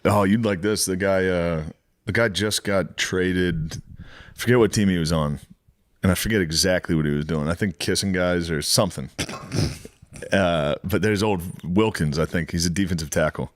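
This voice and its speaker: A man co-hosting a podcast, trading crude jokes and quick comebacks in a casual chat. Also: sits low, no room sound, studio quality. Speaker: podcast co-host.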